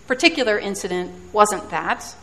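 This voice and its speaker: A woman's voice: medium pitch, lively intonation, moderate pace, bright, forceful tone. Woman preaching in a reverberant hall. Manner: reflective storytelling, self-deprecating humor. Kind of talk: sermon.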